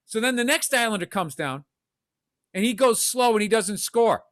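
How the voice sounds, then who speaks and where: This co-host's voice sits high and fairly bright, animated at a moderate pace, as he trades casual comedy chat on a podcast. He tells profane stories with energy and acts out others' voices.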